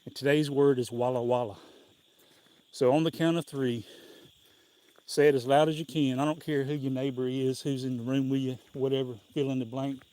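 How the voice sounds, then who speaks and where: A man's voice: medium pitch, flat delivery, normal speed, warm tone. A man with a Southern US accent, hosting a casual live stream outdoors on a walk and telling rambling, folksy stories with frequent chuckles.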